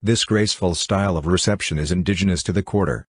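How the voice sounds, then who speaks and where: A man with a very low, husky voice narrates a classic book in a steady, even way. The sound is dry and close. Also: quick pace, dry recording. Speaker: audiobook narrator. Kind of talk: scripted narration.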